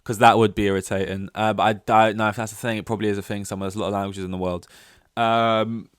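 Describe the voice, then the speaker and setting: A young man rambles through a casual solo podcast, full of ums and self-mocking asides. His voice sits a little low and sounds smooth and clean. The recording is dry and close, with no room echo. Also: level tone, fast. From London. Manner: rambling, self-deprecating, many fillers and restarts. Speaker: podcast host.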